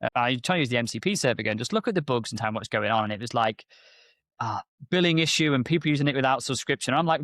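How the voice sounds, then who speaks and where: A man's voice: fast, no echo, studio quality. A man co-hosting a casual business podcast, telling stories and acting out conversations with lots of energy. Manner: animated storyteller, acts out exchanges with rising pitch. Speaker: podcast co-host, MSP business owner.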